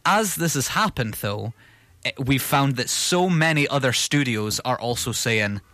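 Bright-voiced British podcast co-host. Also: male voice, medium pitch, lively intonation, measured pace, dry recording. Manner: rambling, restarts with repeated words. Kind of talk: casual film news chat.

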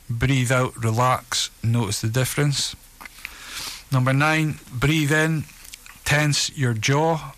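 A man in a middle register guides listeners through a relaxation session. His pace is unhurried and his instructions come calm and steady, one step at a time. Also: medium pitch.

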